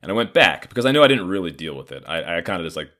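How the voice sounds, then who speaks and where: Deep-voiced man telling a heated story. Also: sing-song, racing, fairly bright tone. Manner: profane, heated, acts out others' lines. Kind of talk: casual storytelling monologue.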